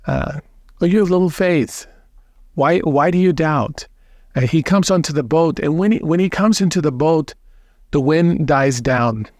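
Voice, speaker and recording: A man, a priest, giving a gospel reflection in a gentle, unhurried storytelling way, with some restarts. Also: on the high side, dry recording, clean studio sound.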